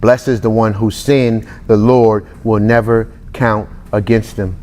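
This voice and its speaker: A man in his forties giving a lively, conversational Bible teaching, talking straight to his listeners and acting out the people in his stories. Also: lowish voice, unhurried. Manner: animated, talks straight to the audience, acts out quotes. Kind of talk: conversational sermon-style teaching.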